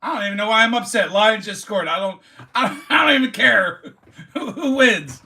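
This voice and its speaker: Gravelly forty-something Philly sports fan. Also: male voice, high-pitched, lively intonation, normal speed. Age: 40s. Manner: rowdy trash-talking sports fan, bursts into shouting. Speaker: livestream host. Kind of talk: casual livestream chat.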